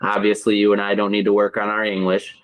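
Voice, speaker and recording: Deep voiced guy hosting an interview, calm measured talk, encouraging. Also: poor audio. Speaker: host and English teacher.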